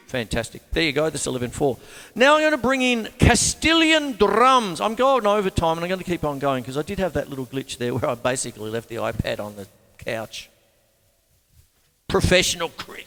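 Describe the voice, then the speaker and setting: A man with an Australian accent hosting a casual drum lesson, chatty and animated, counting beats aloud. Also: medium pitch, fairly quick, big-room sound, over loud music. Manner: animated, chatty, breaks into counting and scat sounds. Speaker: drum teacher and show host. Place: home room with a couch.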